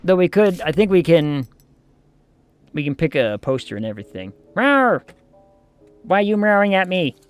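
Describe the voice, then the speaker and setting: A man's voice: fairly high pitch, animated, fairly quick, smooth, faint music behind. A man streaming a management game, chatting casually and thinking aloud as he plays.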